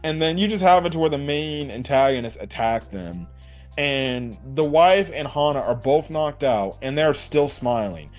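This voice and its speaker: A man's voice: on the high side, normal speed, faint music behind. A young man reviewing an anime episode in casual chat. He swears freely, laughs often, and acts out quotes from the characters. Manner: loose and profane, with frequent laughs and acted-out quotes.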